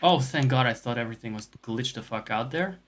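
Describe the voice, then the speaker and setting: A man at a middle pitch chats loosely while he plays games on stream. He drifts from topic to topic, swears freely, and pokes fun at himself as he goes. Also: lively intonation, fairly quick, a bit bright. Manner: rambling and profane, with self-mocking asides. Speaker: game streamer. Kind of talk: casual chat while gaming.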